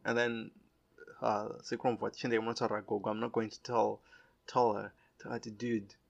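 A young man casually telling a story, mixing English with Shona, animated and laughing often as he swings between loud bursts and quiet asides. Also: medium pitch.

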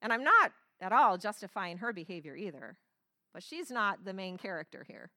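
A woman's voice: mid-range voice, big pitch swings, moderate pace, bright, forceful tone, dry recording, clean studio sound. A woman pastor preaching a sermon, telling the story dramatically and acting out the quotes.

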